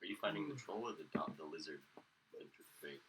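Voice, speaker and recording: A man's voice: sits low, animated, fast talker, fairly bright tone, slight background noise. A man playing a tabletop game, joking and asking lots of questions. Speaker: player. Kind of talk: casual tabletop play.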